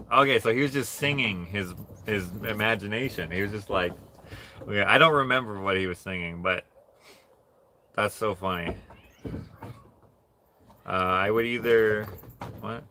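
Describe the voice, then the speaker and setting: Casual male streamer, slow and unhurried, bright tone, laughs through his stories, faint room hum behind. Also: fairly low pitch. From Canada. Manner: rambling, keeps laughing mid-story. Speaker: livestream host. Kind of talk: casual storytelling on a livestream.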